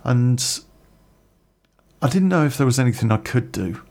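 A man's voice: medium pitch, sing-song, normal speed, darkish tone. A middle-aged man telling a personal story in a casual, rambling way, swearing freely.

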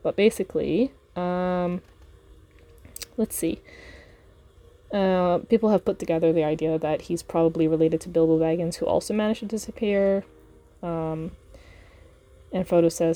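A woman's voice: lowish voice, steady tone, moderate pace, pauses often, warm tone. A woman hosting a podcast, chatting casually about a book reread with laughs and fillers. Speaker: podcast host.

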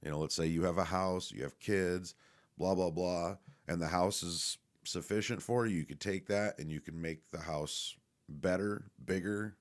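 Man, very deep voice, casual rambling monologue, profane, lots of fillers, frequent laughs. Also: steady tone, moderate pace. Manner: laughs often while talking.

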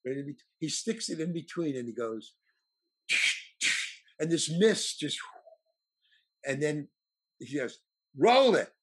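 A man's voice: on the high side, a little slow, pauses often, husky. A man telling a long anecdote in casual chat, acting out the voices of people he quotes. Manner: animated, acts out quoted voices. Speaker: storyteller guest.

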